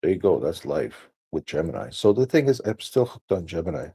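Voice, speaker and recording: A man's voice: sits low, sing-song, a little fast, mellow, slightly rough. A man rambling through a casual screen-share walkthrough, thinking aloud with many fillers and restarts. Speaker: solo streamer.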